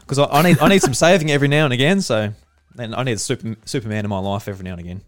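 A man's voice: mid-range voice, very fast. A man with a South Australian accent hosting a podcast over a Discord call, chatting casually and playfully. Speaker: podcast host.

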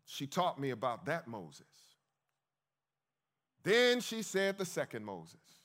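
Man, preacher, high voice, emphatic sermon delivery, questions to the congregation. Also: wildly swooping pitch, slow, long pauses, fairly bright tone. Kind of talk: lively sermon. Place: church hall with congregation.

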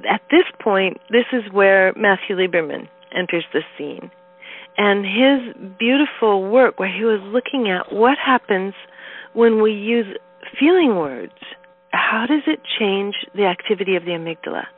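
Brief: female interview guest, lively anecdotal delivery, heard over a narrow phone line. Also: medium pitch, measured pace, soft background music. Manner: animated storytelling, acts out quoted voices. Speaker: guest, neuroscience educator. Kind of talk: conversational interview.

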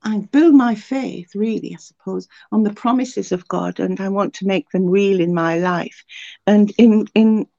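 A woman's voice: mid-range voice, a little slow, vocal fry, warm tone, muffled recording. An older woman who shares a personal faith testimony in an interview, telling stories earnestly and with feeling, often restarting her sentences. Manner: earnest, emotional storytelling with many restarts. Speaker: interview guest.

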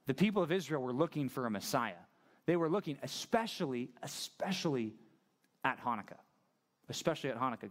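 A man preaching a sermon as pastor, talking conversationally, asking his listeners questions and acting out the voices he quotes. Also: mid-range voice. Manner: conversational, asks the congregation questions; animated, acts out quoted voices.

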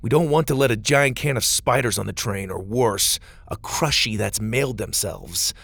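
A man voicing a cautious young male captain with a careful, measured way of giving orders, in a storybook reading. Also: on the low side, gravelly, a bit bright, no room sound, clean studio sound.

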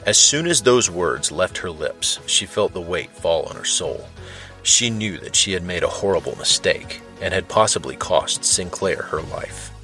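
A man giving scripted narration of a story in a steady storytelling manner. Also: low-pitched.

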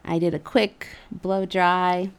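A woman casually telling a personal story in an animated, giggly way, with lots of "like" and "you know". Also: on the low side, slow pace, clean tone. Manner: animated, giggly, with frequent fillers like "like".

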